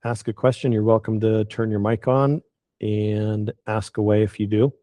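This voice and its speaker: A man hosting an online webinar as an estate planning attorney, talking in a relaxed, conversational way with frequent fillers. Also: fairly low pitch, moderate pace, no room sound, clean studio sound. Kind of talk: casual webinar wrap-up.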